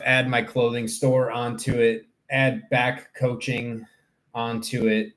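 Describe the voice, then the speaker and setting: Male streamer, young adult, unhurried, loose and joking, talks to chat from home. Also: medium pitch. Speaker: live streamer. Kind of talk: casual livestream chat.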